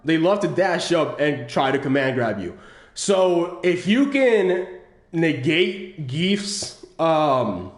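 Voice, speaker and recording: A man giving casual commentary over footage of his own fighting-game match, explaining his choices in a halting way with frequent restarts. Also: fairly high pitch, roomy sound. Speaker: channel host analyzing his own match.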